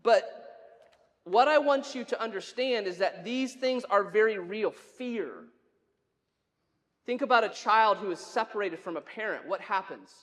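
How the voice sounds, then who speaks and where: Pastor preaching in a reverberant church. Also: male voice, high voice, a little slow, fairly bright tone. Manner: conversational, asks the congregation questions, wry asides. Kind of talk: sermon. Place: church sanctuary.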